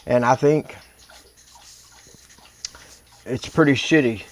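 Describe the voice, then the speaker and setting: A man's voice: medium pitch, normal speed. A man hosting a reaction video, talking casually in a rambling, indignant and exasperated way.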